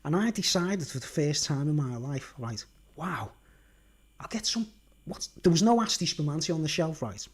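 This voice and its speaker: A man's voice: fairly high pitch, big pitch swings, normal speed, breathy edge. A man with a Merseyside accent telling a long story in a casual livestream monologue, stressing his points and checking in with the listener. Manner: emphatic, keeps asking "right?" and "do you understand?". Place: at home.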